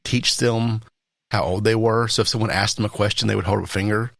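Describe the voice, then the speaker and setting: A middle-aged Southern man shares family stories on a casual podcast, chuckling as he goes. His voice is low, gravelly and husky. The recording is dry and close. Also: steady tone, brisk, no room sound. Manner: chuckling, anecdotal. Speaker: podcast co-host.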